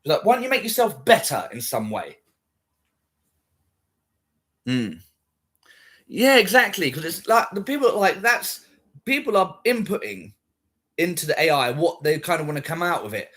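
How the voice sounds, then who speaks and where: Young man, casual chat, blunt, sweary, lively pitch, slightly high voice. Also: normal speed, pauses often. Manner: blunt and sweary, animated, quoting others in put-on voices.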